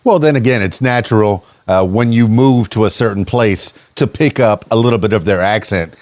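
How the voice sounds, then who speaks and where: A man's voice: fairly low pitch, moderate pace, a little mellow, no echo. A middle-aged American man hosting a casual podcast interview, curious and rambling, often restarting his sentences. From United States. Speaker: podcast host.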